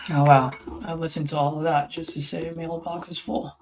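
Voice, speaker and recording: A man with a somewhat high voice, guesting on a casual livestream through a computer mic. He sounds easygoing and jokes at his own expense. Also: little pitch movement, moderate pace, a little hiss or hum, rough recording. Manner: easygoing, joking, self-deprecating. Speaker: guest sales closer.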